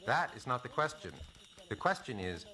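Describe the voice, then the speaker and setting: An actor playing a formal city official leading a meeting in film dialogue. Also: male voice, medium pitch, sing-song, moderate pace, bright, forceful tone.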